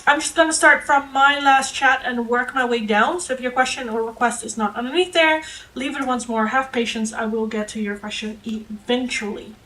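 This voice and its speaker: A young woman with a fairly high voice talks casually to her live-stream viewers as a tarot reader. She is candid and chatty, swears freely and laughs often. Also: fairly even intonation, moderate pace, pushed and bright, poor audio.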